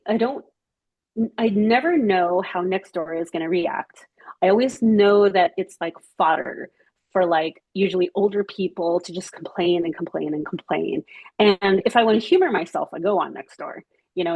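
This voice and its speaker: A woman telling a casual anecdote to her study group, animated and chatty, laughing often and acting out what people said. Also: fairly low pitch, husky, no room sound, muffled recording. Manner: animated, chatty storytelling with frequent laughs and acted-out quotes.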